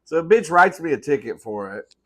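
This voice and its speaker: A man's voice: on the high side, big pitch swings, a little fast, pushed and bright. A man in his thirties hosting a comedy eating show at home, telling rambling, sassy stories full of swearing and calling listeners "girl". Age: 30s. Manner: rambling, self-correcting. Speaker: host. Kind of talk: comedic storytelling while eating.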